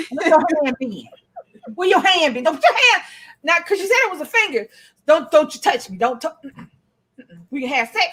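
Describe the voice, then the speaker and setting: A woman's voice: sits high, fairly bright tone. A woman co-hosting a casual chat, talking bluntly and profanely and laughing often. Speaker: co-host.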